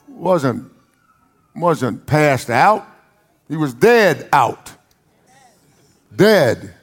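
A man preaching with an East Texas accent, his voice pitched a little high. He drives his points home through repetition and homespun humor, in the loose rhythm of a live sermon.

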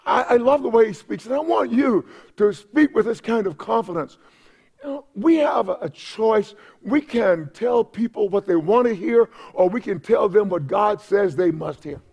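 Gravelly high-voiced preaching pastor. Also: male voice, lively intonation, moderate pace. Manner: impassioned preaching with shouted peaks and repeated words. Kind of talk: sermon. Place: church sanctuary.

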